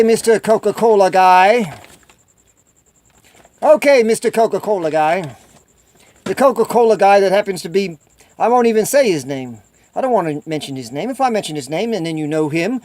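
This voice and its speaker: A middle-aged man rambling through stories in a casual solo video chat, repeating himself and breaking into high squeals when he mimics other people. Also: very animated, moderate pace, a little mellow, dry recording. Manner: rambling, repetitive storytelling. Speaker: vlogger.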